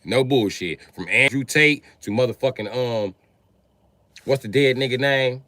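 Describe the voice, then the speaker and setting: A man's voice: medium pitch, a little slow, pushed and bright, no room sound. A man hosting a livestream who talks in a heated, crude, combative rant. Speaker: livestream host. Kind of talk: profane live-stream rant. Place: livestream setup.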